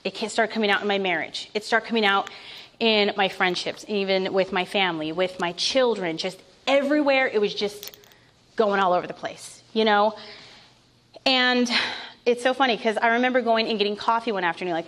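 A woman's voice: mid-range voice, moderate pace, fairly bright tone. A woman in her thirties giving a heartfelt Christian testimony, telling her story with candid asides and light laughs. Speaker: Christian speaker sharing testimony. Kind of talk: personal testimony talk.

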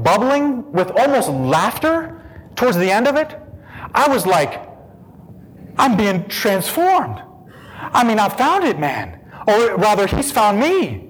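A man recounting a personal testimony with strong feeling. His voice sits a bit high and swings widely in pitch, dropping hushed and slow in quiet moments and rising fast and loud when excited. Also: big-room sound, poor audio. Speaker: speaker giving testimony.

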